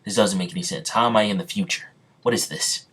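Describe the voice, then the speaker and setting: Gruff confused young fighter guy, read by a man, flat halting lines, lowish voice. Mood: puzzled.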